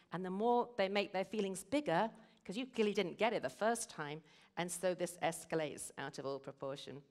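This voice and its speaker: Middle-aged woman, lowish voice. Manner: earnest, storytelling. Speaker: guest speaker at a church service. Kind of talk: sermon.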